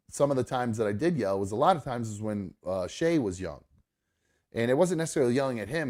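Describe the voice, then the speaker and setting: A middle-aged man hosting a talk show, telling a long personal story in an earnest, rambling way. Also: mid-range voice. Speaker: podcast host. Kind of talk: casual chat. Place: studio.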